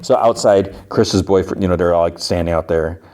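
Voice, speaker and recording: Low-voiced male podcast host, rambling casual recap. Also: fairly quick, darkish tone. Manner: rambling, lots of "like".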